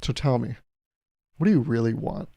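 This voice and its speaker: A man voicing a pushy fast-food drive-thru worker who teases and coaxes the customer. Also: medium pitch, gravelly, warm tone, husky, no room sound. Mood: teasing. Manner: teasing, coaxing, insistent.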